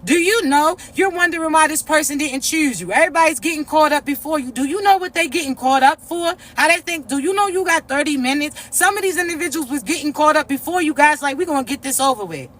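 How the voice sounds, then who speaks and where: A woman's voice: high-pitched, fast, few pauses, fairly bright tone. A woman, giving a blunt, profane spiritual pep talk full of slang to her viewers. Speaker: spiritual reader.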